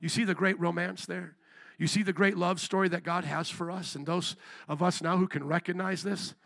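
A young man preaching a lively sermon, animated, acting out voices and shouting for emphasis. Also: sits high, moderate pace, vocal fry, no room sound. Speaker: pastor.

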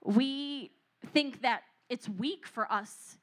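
A young woman preaching a lively youth sermon who acts out voices and asks the crowd questions. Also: on the high side, very slow.

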